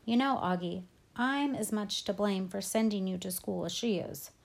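A woman voicing a gentle, joking, middle-aged father in a read-aloud storybook, with a warm, teasing fatherly tone. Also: medium pitch, normal speed, creaky. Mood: fond.

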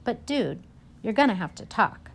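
A woman's voice: a little high, sing-song, normal speed, gravelly, slight background noise. A woman voicing a laid-back schoolboy who talks in a bored, offhand way.

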